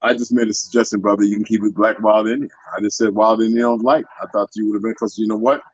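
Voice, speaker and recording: A man's voice: lowish voice, little pitch movement, fast talker, husky, dry recording, muffled recording. A man lecturing in a casual talk-show chat, full of his own theories. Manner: lecturing, talks about himself as a linguist. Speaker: guest.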